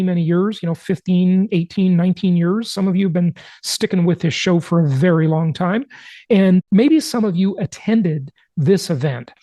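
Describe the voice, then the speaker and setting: A man's voice: sits high, warm tone, no room sound, studio quality. A man hosting his own podcast, talking emphatically and persuasively through market numbers and brushing off his critics. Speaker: podcast host. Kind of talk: solo podcast monologue with slides.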